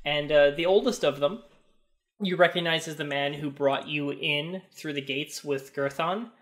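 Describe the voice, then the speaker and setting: A man narrating a tabletop role-playing game as game master, describing scenes in a halting way with many fillers. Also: on the high side, a bit bright.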